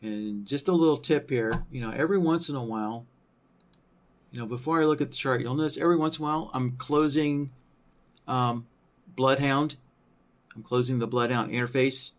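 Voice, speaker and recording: A man teaching trading software in a screen-recorded tutorial, thinking aloud with many fillers and a habitual "right?" after his points. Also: mid-range voice, normal speed. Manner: thinking aloud, frequent tag question "right?"; many fillers like "you know" and "um".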